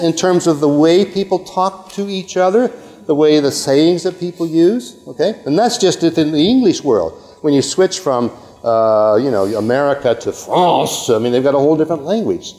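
A man's voice: fairly high pitch, animated, normal speed, darkish tone. An older man from Canada giving a rambling academic lecture, breaking off mid-sentence and checking in with his audience through frequent okays. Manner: rambling, self-interrupting, with frequent okays and asides. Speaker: university lecturer. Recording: long hall reverb.

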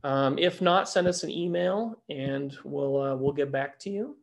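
Guy co-hosting a webinar q&a, kinda gravelly voice, laid back, talks it through out loud. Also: fairly high pitch, unhurried. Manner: relaxed, explanatory, repeats phrases as he thinks. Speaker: webinar co-host answering grower questions. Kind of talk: casual live webinar Q&A.

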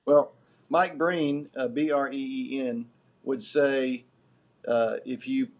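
A middle-aged man lectures a live class with a husky, slightly rough voice. He builds each point deliberately and earnestly, teaching at an even, middle pitch. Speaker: guest lecturer.

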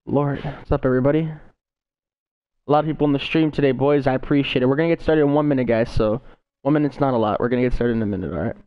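A man's voice: mid-range voice, quick pace, clear, resonant tone, dry recording, muffled recording. A young man live-streaming a game, casually greeting his viewers by name over a gaming headset.

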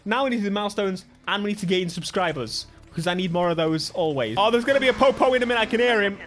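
Excitable British man commentating on gameplay. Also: high voice, racing, a little hiss or hum. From Britain. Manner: excitable, laughing, joking. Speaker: gaming YouTuber. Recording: music from the game behind.

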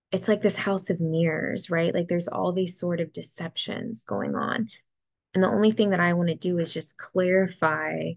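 A young woman talking to the camera in a reflective personal vlog, soft and heartfelt, near tears at times. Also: on the low side, gravelly, no room sound. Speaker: vlogger. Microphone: ring light setup, camera close to face.

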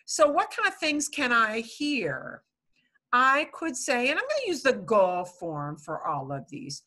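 A woman's voice: a little high, pushed and bright. A woman teaching a beginners' Spanish class, patiently explaining and repeating words. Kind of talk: online language class.

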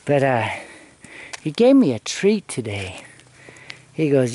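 A man's voice: medium pitch, very animated, slow, pauses often, dark tone, husky. A man vlogging outdoors on a hillside road, telling a rambling story and swearing freely as he talks to his viewers. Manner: profane, loose, talks to viewers as he walks. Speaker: travel vlogger.

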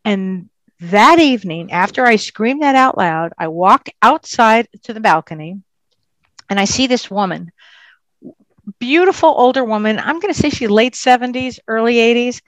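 A woman, a psychic medium, telling her story in a casual interview with an animated, emphatic manner. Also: fairly high pitch, normal speed, no echo.

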